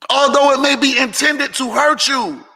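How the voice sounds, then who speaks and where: A man's voice: extremely high pitch, moderate pace, gravelly, pushed and bright. A man giving casual motivational talk to his followers, preachy and repeating phrases for emphasis. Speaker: motivational vlogger hosting a Q&A. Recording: long hall reverb.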